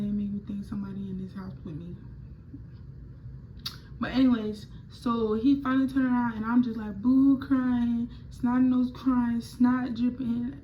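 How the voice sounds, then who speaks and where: A young woman telling a storytime vlog in slangy, animated speech that acts out the dialogue. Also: on the high side, slight background noise. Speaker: vlogger. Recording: slightly muffled recording.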